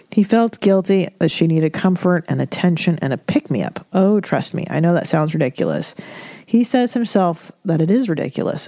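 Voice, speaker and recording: A woman's voice: on the low side, dark tone, dry recording. A woman comedian hosting an advice podcast, reading listener emails and giving blunt, profane, candid advice. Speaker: podcast host.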